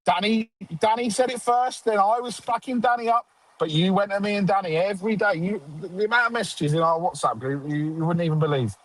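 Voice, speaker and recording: A man's voice: high voice, fairly quick, dry recording, rough recording. A man hosting a casual football fan show, sarcastic and grumbling.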